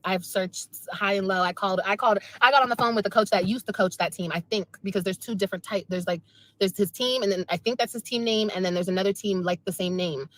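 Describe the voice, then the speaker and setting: A woman's voice: medium pitch, fast. A woman venting on a livestream, repeating herself in a frustrated, emotional rant. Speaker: mother speaking on a livestream.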